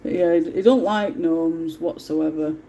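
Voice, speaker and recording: A woman's voice: sits low, unhurried, warm tone, a little hiss or hum. A woman, hosting a casual livestream at home and telling stories in a chatty way, laughing often. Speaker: livestream host.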